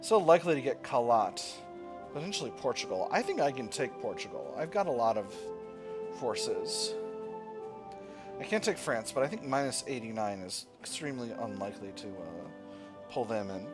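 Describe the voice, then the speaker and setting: A man's voice: medium pitch, big pitch swings, normal speed. A man casually commenting on his strategy game as he plays, thinking aloud and often correcting himself. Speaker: let's play gamer. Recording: game music playing underneath.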